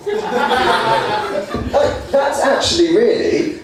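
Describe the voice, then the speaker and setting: Young stand-up comedian, man, high animated voice, echoey far-off stage mic, loud audience laughter. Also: normal speed, a loud crowd. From England. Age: young adult. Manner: lively, puts on high voices for quoted people. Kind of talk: stand-up routine.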